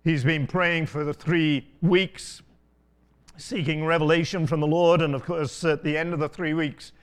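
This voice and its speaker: An older man preaching a sermon, telling stories in an unhurried way with frequent asides. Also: on the high side, fairly even intonation, clean tone. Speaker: pastor.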